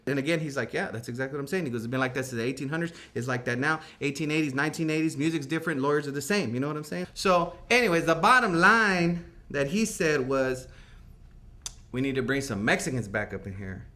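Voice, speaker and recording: Guy doing a slangy night-shift janitor, rambling, bright punchy voice. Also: fairly high pitch, fast talker. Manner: rambling slangy talk, lots of "like" and "right?". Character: laid-back slangy young male night-shift janitor. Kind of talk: comic mock-news interview.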